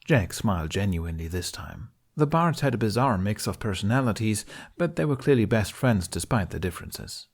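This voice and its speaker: A man reading a fan story aloud, narrating calmly and evenly. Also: on the low side, normal speed, gravelly, hardly any pauses, breathy edge. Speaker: podfic reader.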